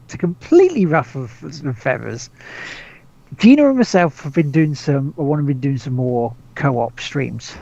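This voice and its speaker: A man's voice: on the high side, darkish tone, highs cut off. A man hosting a podcast in casual chat, rambling with lots of restarts, swearing and laughs. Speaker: podcast host.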